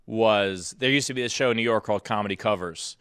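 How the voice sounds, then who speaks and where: A man co-hosting a comedy chat show on a video call, a quick-witted, animated storyteller who laughs often. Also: fairly low pitch, clear, resonant tone, no echo, clean studio sound. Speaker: co-host, comedian.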